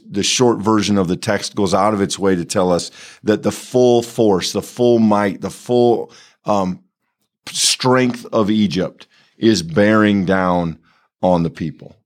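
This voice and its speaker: Deep-voiced man musing over scripture. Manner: thoughtful, halting, restarts phrases. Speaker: bible study co-host. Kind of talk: conversational bible commentary.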